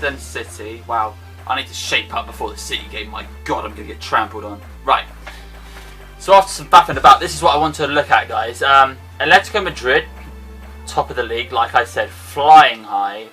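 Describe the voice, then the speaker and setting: A young man with an excitable, self-mocking manner, commentating his own football video game match. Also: mid-range voice, distant mic. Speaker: gaming YouTuber. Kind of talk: casual gameplay commentary.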